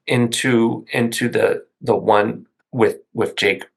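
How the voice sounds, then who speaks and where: A man's voice: medium pitch, steady tone, slow, gravelly, breathy edge. A man co-hosting a casual podcast, rambling through his points and laughing often. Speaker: podcast co-host. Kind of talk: casual chat.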